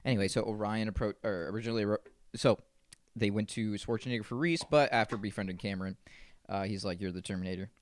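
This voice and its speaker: A man's voice: lowish voice, fast talker, a little hiss or hum. A man co-hosting a podcast, chatting casually about movies, swearing freely, joking around and stumbling over his words. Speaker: podcast co-host. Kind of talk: casual film chat.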